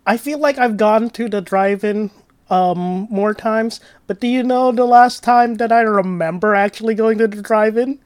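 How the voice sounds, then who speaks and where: A man co-hosting a podcast in casual chat, telling stories in a relaxed, wry way. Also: sits high, moderate pace, smooth, no room sound, studio quality. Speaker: podcast co-host.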